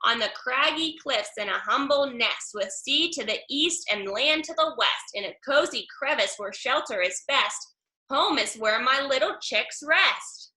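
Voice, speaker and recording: A woman voicing a kindly mother kelp gull, speaking in a gentle rhyming lilt. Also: sits high, expressive, measured pace, heavily acted. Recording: echoey room.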